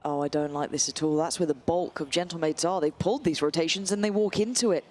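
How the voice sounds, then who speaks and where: A man casting an esports match live, fast and excitable, shouting on big plays, his voice going hoarse. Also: on the high side. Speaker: play-by-play esports caster. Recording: loud game music behind.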